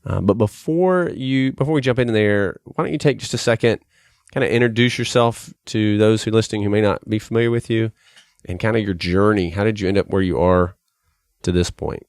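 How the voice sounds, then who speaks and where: A man's voice: on the low side, brisk, smooth, dry recording, clean studio sound. A man with an American accent hosting a podcast interview, chatty and self-deprecating, with many fillers and restarts. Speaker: podcast host, youth pastor.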